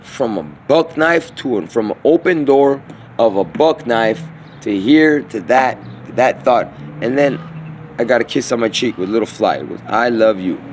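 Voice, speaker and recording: A man's voice: medium pitch, expressive, normal speed. A man in a mid-range voice rambles through a loose monologue, salting his talk with slang and swearing. He drifts between thoughts and circles back to them. A faint background noise sits under his voice. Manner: meandering, slangy, profane, trailing off and restarting.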